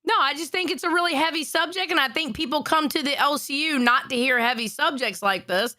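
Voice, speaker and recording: A woman co-hosting a livestream, arguing back in a sharp, profane, insistent way. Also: sits high, fairly quick, no echo, studio quality. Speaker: co-host. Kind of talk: heated livestream argument.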